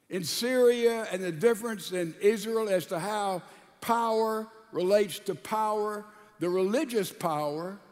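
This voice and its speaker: Folksy preacher with a high voice in a reverberant hall. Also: male voice, darkish tone. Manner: folksy retelling, voicing characters in quotes. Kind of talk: storytelling sermon.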